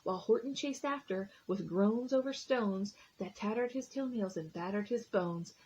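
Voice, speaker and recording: At story time, a preschool reader with a medium-pitched, slightly rough voice animatedly reads a picture book aloud, quizzing the children as she goes. Her pace is moderate, and the audio is dull.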